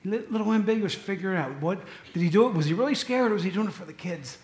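A man's voice: sits high, lively intonation, fast, a little mellow, echoey room. A man preaching a sermon, telling stories in a loose, conversational way with asides to the congregation. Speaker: pastor.

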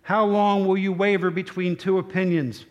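A man's voice: sits high, little pitch movement, moderate pace, highs cut off, lightly acted. A man voicing a bold male prophet who challenges the crowd in a commanding way, within his own sermon. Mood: challenging.

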